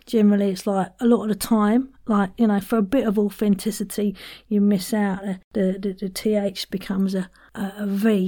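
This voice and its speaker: Lady voice coach rambling through a podcast lesson, jokey and loose, mid pitch. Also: fairly even intonation, fairly quick, mellow. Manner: chatty and playful, self-deprecating with frequent laughs. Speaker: voice and accent coach, podcast host. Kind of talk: casual podcast accent lesson.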